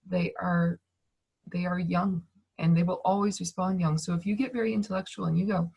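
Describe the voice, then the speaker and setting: Woman teacher, casual talk, soft breathy tone, halting and gentle with restarts, video-call sound. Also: on the low side. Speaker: speaker on emotions and manifestation. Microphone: video call mic.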